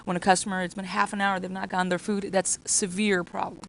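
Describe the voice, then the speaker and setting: Woman, workplace trainer, mid-pitch voice with vocal fry, repetitive coaching delivery. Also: level tone, fast, slight background noise, low-quality recording. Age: adult with children. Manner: repetitive, acts out customer exchanges. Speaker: restaurant staff trainer.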